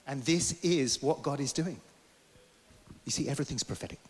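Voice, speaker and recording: A man preaching a sermon, reading scripture aloud and rising into loud, emphatic passages. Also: on the high side, brisk. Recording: long hall reverb.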